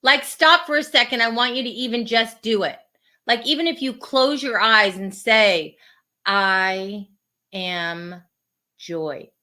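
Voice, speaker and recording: A woman co-hosting a podcast in casual conversation. Her voice sits a little high and comes across bright and forceful. She talks in an earnest, reflective way, often starting her sentences over. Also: moderate pace. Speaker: podcast co-host.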